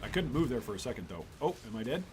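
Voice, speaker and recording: A man's voice: mid-range voice, big pitch swings, rapid-fire, music in the background. A man hosting a gaming channel, giving casual gameplay commentary with rambling, exasperated asides.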